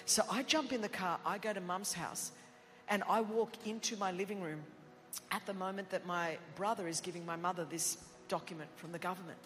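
An Australian woman preacher telling a personal story in a sermon, animated and self-mocking, acting out what people said. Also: on the low side, brisk, in a large hall.

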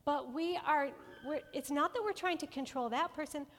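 A woman teaching a Bible study to a women's group in an earnest, gentle way, often checking in with her listeners. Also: high voice, normal speed, a little hiss or hum. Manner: asks the audience frequent check-in questions. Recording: long hall reverb.

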